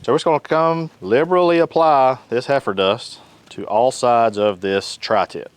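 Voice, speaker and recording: A man hosts a casual cooking demo outdoors by his grill. He talks in a folksy, joking, animated way, his voice sitting in a middle pitch. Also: normal speed, clean tone, dry recording. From North Carolina. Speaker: cooking show host.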